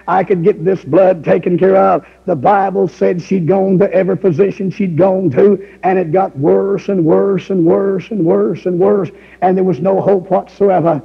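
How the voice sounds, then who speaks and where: Gravelly, shouting fiery male preacher. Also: high voice, steady tone, moderate pace, few pauses. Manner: folksy storytelling, bursts into shouting. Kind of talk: fiery revival sermon. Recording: lo-fi recording with long hall reverb.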